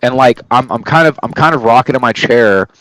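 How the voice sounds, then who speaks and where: A man's voice: medium pitch, a little fast, fairly bright tone, no echo, low-quality recording. Rambling, cursing man telling a story. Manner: rambling, profane, keeps asking "right?". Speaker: streamer. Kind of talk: casual storytelling chat.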